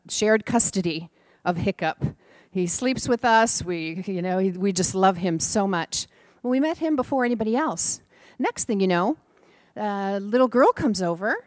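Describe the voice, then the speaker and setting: Animated middle-aged woman telling stories. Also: mid-range voice, dry recording. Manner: animated storyteller, acts out the people she quotes. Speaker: speaker at a spiritual center. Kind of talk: storytelling talk. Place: church hall.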